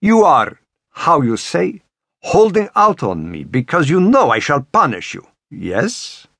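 A male narrator voicing a domineering woman with a Russian accent, throaty and husky. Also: a little high, huge pitch swings, a little slow, a bit bright, dry recording, pitched above the performer's own voice, exaggerated voice. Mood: scolding.

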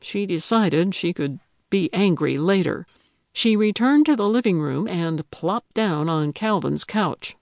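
A woman narrating a cozy mystery audiobook at an unhurried pace. Her voice has a gravelly texture, and the recording is close and dry with no room sound. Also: on the low side, expressive, a little mellow, dry recording. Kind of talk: scripted narration.

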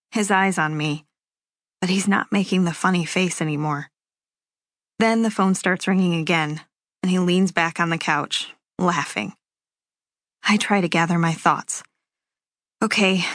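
A woman reading a first-person novel aloud as an audiobook, in a measured, unhurried telling. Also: lowish voice, no echo, clean studio sound. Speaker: audiobook narrator.

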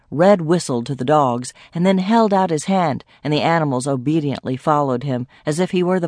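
A woman reading a mystery audiobook aloud with lively storytelling, on a close studio mic. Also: sits low, moderate pace, hardly any pauses, no echo. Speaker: audiobook narrator. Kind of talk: scripted narration.

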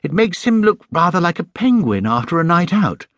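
A man voicing a gentle, tactful middle-aged mother. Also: sits high, sing-song, moderate pace, dry recording, voice pushed up, heavily acted. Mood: gently amused.

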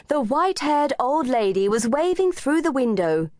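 A woman narrating a children's storybook with a lively, expressive reading on a close mic. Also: on the high side, measured pace, no echo. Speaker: audiobook narrator.

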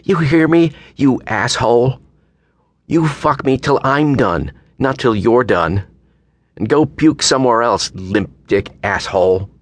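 A vicious, volatile young woman voiced by a male audiobook narrator screeches insults in a raised, strained pitch well above his own deep register. She sounds shrill and louder than the surrounding narration, snarling every word. The recording is close and dry. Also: expressive, unhurried, no room sound. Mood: screaming, abusive. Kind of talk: audiobook character voice.

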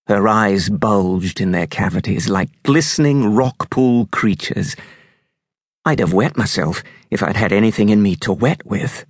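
A man narrating an audiobook in an unhurried, expressive storytelling manner. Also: on the low side, breathy edge, no echo, clean studio sound.

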